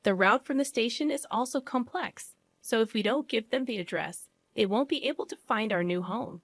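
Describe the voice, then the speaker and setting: A woman narrating a first-person family story in an even, measured way. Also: a little high, no echo.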